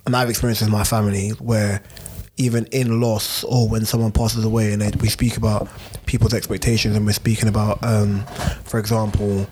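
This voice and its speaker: A man's voice: lowish voice, little pitch movement, brisk, hardly any pauses, a little mellow, a little hiss or hum. A man in casual chat, reflecting and arguing his points with many fillers.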